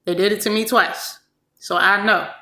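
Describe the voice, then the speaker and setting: A woman vlogger talks through a clip in slangy, emphatic casual commentary and circles back to the same point again and again. Her voice is bright, and the room around her echoes. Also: mid-range voice, steady tone, moderate pace. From California. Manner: slangy, emphatic, repeats herself.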